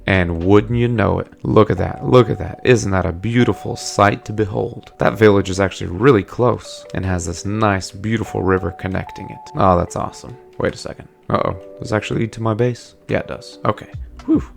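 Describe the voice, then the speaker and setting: Deep guy with a super gravelly voice doing chill gameplay commentary, chats at the game characters, soft music behind. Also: fairly even intonation, moderate pace. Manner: chatty, talks to game characters. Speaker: let's play host. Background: faint background music.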